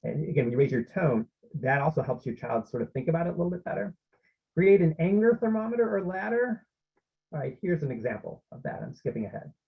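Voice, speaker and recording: A man's voice: on the high side, very animated, fast talker, creaky, husky, muffled recording. A man presenting an online parenting workshop, explaining steps and often checking in with his listeners.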